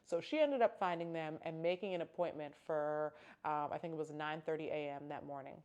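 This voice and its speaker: A woman's voice: sits low, brisk, a little mellow, highs cut off. A young woman telling a personal story in a casual, candid vlog, with emphatic exclamations. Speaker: vlogger.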